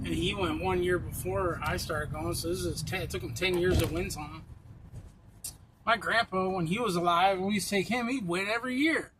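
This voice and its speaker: A man's voice: sits high, a little fast. A man ranting bluntly and profanely while driving, rambling from one point to the next. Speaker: vlogger. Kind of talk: casual rant while driving. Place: inside a car on the road. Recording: loud road and engine noise.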